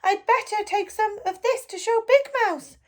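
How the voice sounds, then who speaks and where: A squeaky, very high little boy mouse from a storybook, as a woman reading aloud puts him on. He is excitable and easily frightened, and his voice jumps up in pitch. He sounds anxious and out of breath. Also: moderate pace.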